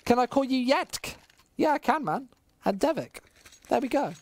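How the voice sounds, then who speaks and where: A man with a West Midlands English accent doing solo play-by-play commentary on a live stream, casual and chatty with chat, surging loud and high on big plays. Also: lively intonation, normal speed, no echo. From West Midlands, England. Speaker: esports commentator.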